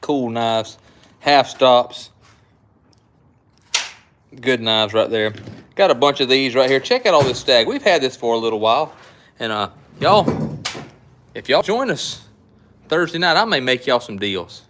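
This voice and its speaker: A man's voice: mid-range voice, lively intonation, a little slow, pauses often, noisy background. Folksy man hosting a knife show. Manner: folksy, rambling, chatty with viewers. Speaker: knife shop host. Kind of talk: casual live-stream sales chat.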